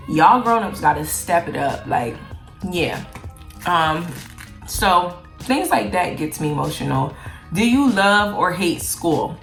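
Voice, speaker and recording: A woman's voice: lowish voice, fairly bright tone, reverberant. A young adult woman from Jamaica, chatting candidly in a casual Q&A vlog, peppering her talk with "like". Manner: candid, chatty, heavy use of "like". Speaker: vlogger. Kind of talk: casual Q&A chat while eating.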